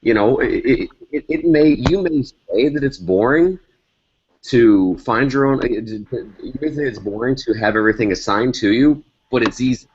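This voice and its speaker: A man's voice: mid-range voice, moderate pace, darkish tone, slight background noise. A man, a guest author, talking earnestly in a casual video call discussion, telling a story with stammered restarts. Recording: dull lo-fi video call audio.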